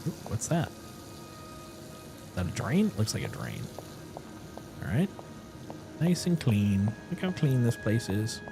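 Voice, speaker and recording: This is a man talking his way through a video game, musing aloud and reading the notes he finds. His voice jumps around a lot in pitch, and soft game music hums in the background. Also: slow, gravelly, long pauses. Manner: animated, thinks aloud and reads game notes aloud. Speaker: streamer. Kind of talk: casual gameplay commentary.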